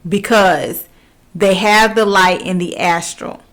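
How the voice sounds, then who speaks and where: A woman's voice: medium pitch, fairly even intonation, slow pace, a bit bright. A woman giving a spiritual lesson to her viewers, repeating her points and often checking in with "okay?". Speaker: spiritual teacher. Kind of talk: instructional talk.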